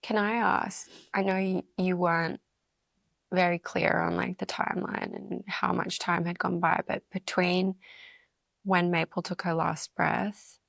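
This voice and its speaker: A woman hosting a podcast, asking gentle, hesitant follow-up questions. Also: on the low side, little pitch movement, unhurried, creaky, no echo, studio quality. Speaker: podcast host. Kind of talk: interview questions.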